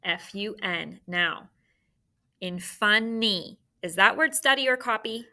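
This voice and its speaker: A woman's voice: medium pitch, takes it slowly, sharp tone. A woman teacher leading a spelling lesson, sounding out words letter by letter.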